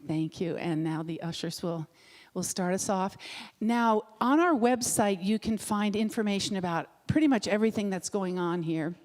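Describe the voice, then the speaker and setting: A woman's voice: medium pitch, moderate pace, darkish tone. Woman making announcements in a reverberant sanctuary. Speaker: announcer at a spiritual center. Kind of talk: church announcements. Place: church sanctuary.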